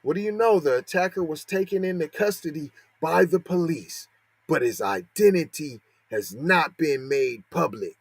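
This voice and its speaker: Sarcastic podcast guy ranting, kinda high voice, dry close sound. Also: expressive, normal speed, husky, dry recording. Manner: sarcastic, mocking, asks a string of rhetorical questions. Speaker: podcast host. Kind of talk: heated commentary on a news story.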